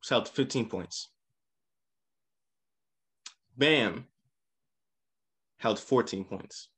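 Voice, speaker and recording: A man's voice: mid-range voice, very slow, husky. Man recapping basketball games on a podcast. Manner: animated, leads the game recaps. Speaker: podcast co-host. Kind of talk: casual sports chat.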